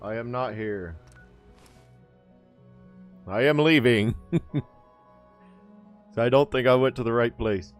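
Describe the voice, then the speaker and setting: A man's voice: medium pitch, a little slow, pauses often, faint music behind. A man streaming a game, chatting casually and joking at his own expense. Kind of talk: casual live-stream chat while playing.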